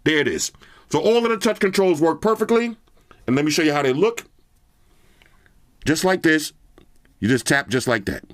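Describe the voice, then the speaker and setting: A man's voice: fairly high pitch, expressive, normal speed, pauses often, no room sound, clean studio sound. A man casually reviewing earbuds on his channel, chatting straight to viewers in slang. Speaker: product reviewer. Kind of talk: casual tech review vlog.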